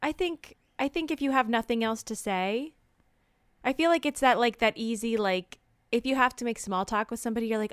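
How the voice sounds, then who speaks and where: A woman co-hosting a casual podcast chat, chatty and quick to laugh, telling animated anecdotes. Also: fairly high pitch, smooth, dry recording, clean studio sound. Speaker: podcast co-host.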